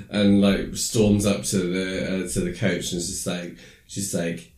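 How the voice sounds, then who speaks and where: A man casually recapping a film, rambling with lots of fillers and acting out lines in squeaky voices. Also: flat delivery, unhurried, darkish tone, echoey room. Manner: rambling, filler-heavy storytelling; acts out quoted lines in high squeaky voices. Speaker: podcast co-host recapping a film. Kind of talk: casual chat.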